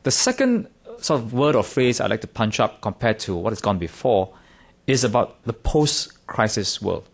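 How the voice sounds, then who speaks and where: Lively, wry man from Singapore. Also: medium pitch, moderate pace. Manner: wry, self-deprecating, lively emphasis. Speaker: conference speaker. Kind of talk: conference talk. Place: conference room.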